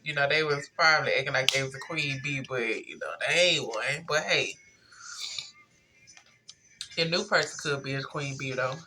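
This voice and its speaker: A woman giving a casual tarot reading, talking straight to her viewers in a relaxed, slangy way. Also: extremely low pitch, normal speed, long pauses, background noise. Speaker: tarot reader.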